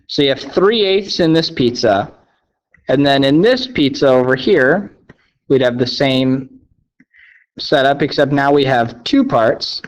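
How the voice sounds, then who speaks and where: A man's voice: medium pitch, expressive, measured pace. A man teaching a recorded math lesson, upbeat and playfully sarcastic, often checking in with "okay?". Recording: dull lo-fi sound.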